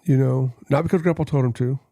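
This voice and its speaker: Older man, gravelly, earnest storyteller, dry close sound. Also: mid-range voice, steady tone, fast talker, warm tone, dry recording. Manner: earnest storytelling, acts out quoted voices. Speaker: guest. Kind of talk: telling his life story.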